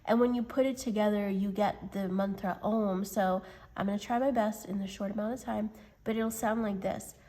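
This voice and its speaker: A woman giving an unscripted tarot reading in a gentle, hesitant way, with many pauses and fillers. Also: mid-range voice, steady tone. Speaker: tarot reader.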